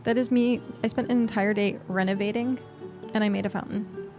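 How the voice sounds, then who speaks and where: Gravelly-voiced woman streamer chatting. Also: mid-range voice, steady tone, brisk, a little mellow, faint music behind. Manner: chatty and rambling, with frequent fillers. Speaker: game streamer. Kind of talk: casual livestream chat.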